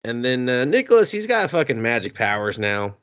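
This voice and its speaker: Animated profane man recapping a film. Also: medium pitch, fairly quick, clean tone. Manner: animated, swears freely, acts out characters' lines. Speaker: podcast co-host. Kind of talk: casual profane movie recap.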